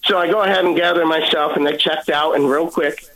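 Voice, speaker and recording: A man giving an earnest personal testimony as a guest, halting and repeating words as he goes. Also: on the high side, fairly even intonation, fairly bright tone, poor audio.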